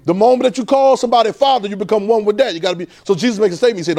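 Male preacher with a high voice, casual and animated delivery, repeats himself for emphasis. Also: very fast. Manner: animated, repeats phrases, swings between loud and soft. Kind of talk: informal conversational sermon.

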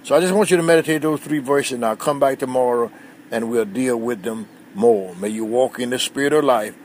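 A man's voice: medium pitch, a little fast, slight background noise. A man giving a short devotional sermon in an earnest way, repeating phrases and quoting scripture. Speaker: preacher.

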